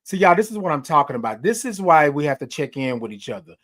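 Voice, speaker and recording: A man's voice: on the high side, very animated, fast talker, fairly bright tone. A man hosting a motivational morning talk, preaching in a rhythmic call-and-response way with repeated phrases. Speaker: host.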